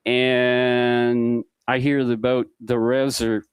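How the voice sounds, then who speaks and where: A man's voice: medium pitch, level tone, extremely slow, clear, resonant tone, no room sound. A man guest on a podcast, telling a rambling anecdote and acting out the dialogue as he goes. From Mississippi Gulf Coast. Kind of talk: casual storytelling.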